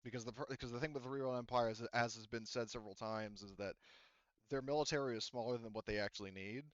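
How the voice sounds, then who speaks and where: A man's voice: medium pitch, steady tone, fast, dry recording, highs cut off. A man running a tabletop game, explaining the setting loosely with lots of fillers. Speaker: game master.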